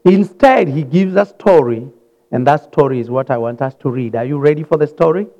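A man from Africa preaching a sermon in a church, retelling scripture with sudden loud rises and soft drops. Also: on the high side, a little fast, dull audio. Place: church hall.

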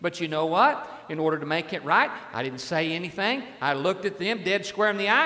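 A man's voice: high-pitched, animated, fairly quick, few pauses, pushed and bright, long reverb tail. A man preaching a sermon as a pastor, in a conversational way, often repeating his words and asking the congregation questions.

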